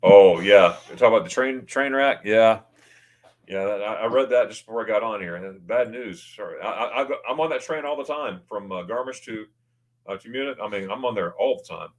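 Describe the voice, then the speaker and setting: A man's voice: lowish voice, lively intonation, a little fast. A man hosting a casual livestream from his own desk mic, chatting loosely and reading viewer comments aloud. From United States. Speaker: livestream host. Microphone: new desk microphone.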